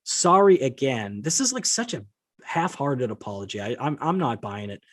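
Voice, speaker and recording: A man's voice: medium pitch, very animated, normal speed. A man hosting his own podcast, ranting in an exasperated, indignant tone, swearing often and reading out messages he received. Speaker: podcast host. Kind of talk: solo podcast rant.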